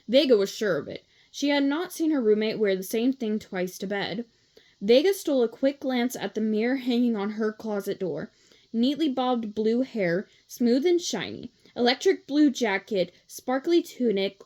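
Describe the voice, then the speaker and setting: A woman reads a children's novel aloud for a read-along, her voice sitting fairly high. She keeps a steady pace, now and then tripping over a word and correcting herself before carrying on. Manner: steady reading with small slips and self-corrections.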